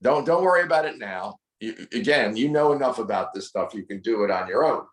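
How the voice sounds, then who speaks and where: A man's voice: mid-range voice, expressive, fairly quick, reverberant, rough recording. A man coaching a dog owner through training drills, firm and corrective, repeating his instructions. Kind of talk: hands-on coaching over a call.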